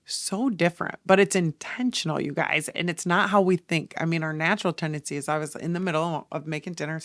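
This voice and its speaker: Brisk and on the low side, this woman's voice comes through with studio quality and no echo. She's a forties-aged podcast host giving a casual, earnest monologue, confiding directly in her audience.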